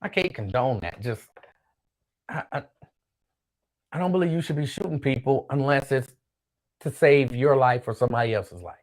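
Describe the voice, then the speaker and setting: A man's voice: medium pitch, lively intonation, normal speed, pauses often. A man hosting his own show, chatting casually on his own and reading out viewer comments in a loose, rambling way that repeats itself. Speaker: show host.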